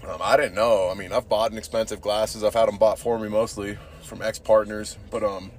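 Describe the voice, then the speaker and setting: A man's voice: on the low side, flat delivery, fairly quick, darkish tone, a little hiss or hum. A young man hosting a podcast, telling a rambling, crude story and cursing a lot, filling it with "dude". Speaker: podcast host. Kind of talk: casual profane storytelling.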